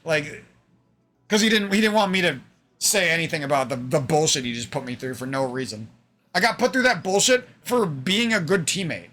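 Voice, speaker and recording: A man's voice: fairly high pitch, animated, moderate pace, pushed and bright, soft background music. A young man streaming, venting in a rambling, aggrieved monologue full of swearing.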